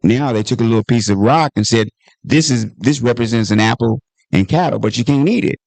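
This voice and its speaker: Gravelly-voiced man telling animated stories. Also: mid-range voice, a little fast, dry recording. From Washington, D.C. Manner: animated storyteller, acts out voices in anecdotes. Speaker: comedian and author at book talk. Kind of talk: storytelling in conversation.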